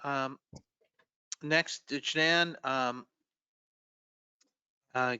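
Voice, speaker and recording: A man chairing a public hearing, calling speakers by name in a slow, hesitant way. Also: mid-range voice, fairly even intonation, pushed and bright, clear, resonant tone, no room sound, muffled recording. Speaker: committee chair.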